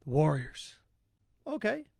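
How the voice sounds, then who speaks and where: A man's voice: on the high side, huge pitch swings, slow, creaky, mellow, breathy edge, no room sound, clean studio sound. A man hosting a sports talk podcast, ranting bluntly and sarcastically, repeating his points and mocking others. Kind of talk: opinionated solo podcast rant.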